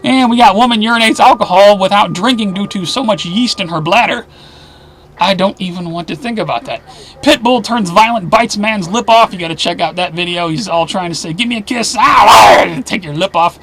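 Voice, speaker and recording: A man with a fairly high voice runs through the week's headlines in a casual commentary style. He tosses in sarcastic remarks and often sinks into a low mutter under his breath. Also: brisk, a bit bright, slight background noise. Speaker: host of a weekly news roundup.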